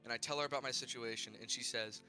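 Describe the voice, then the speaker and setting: A young man recapping his tabletop game character's backstory, halting, with many fillers and restarts. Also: mid-range voice, steady tone, bright, forceful tone, faint music behind. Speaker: player.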